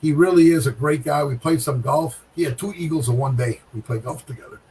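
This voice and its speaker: A middle-aged man telling a bowling story in casual chat, animated, with sound effects and repeated phrases. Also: a little high, a little fast, recorded from a distance, slight background noise, rough recording. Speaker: guest pro bowler.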